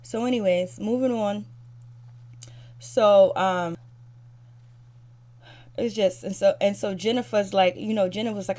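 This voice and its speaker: A woman rants through a reality show recap, addressing the cast directly in a fired-up, critical way. Her voice sits at an ordinary middle pitch for a woman. She keeps circling back with casual fillers. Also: fairly even intonation, moderate pace, long pauses, a little mellow. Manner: repeats fillers like "so anyways" and "you know". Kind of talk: ranting recap commentary.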